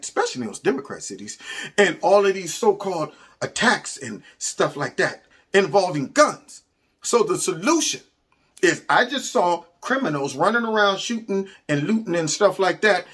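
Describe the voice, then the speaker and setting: Lively, husky-voiced man mocking memes. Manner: animated and mocking, laughs often, with sudden high exclamations. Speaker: host of a commentary channel. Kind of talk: casual commentary reacting to memes.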